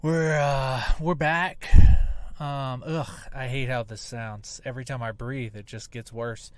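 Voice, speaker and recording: A man in his thirties hosts his own podcast, swearing and rambling while still recovering from surgery. His voice is smooth and mid-pitched. He talks straight into a laptop mic that sounds hot, crisp and poppy. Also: fairly even intonation, measured pace, no room sound. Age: 30s. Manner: profane, rambling, self-deprecating. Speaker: podcast host. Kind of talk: casual solo podcast monologue. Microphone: laptop mic on a video call app, close and popping.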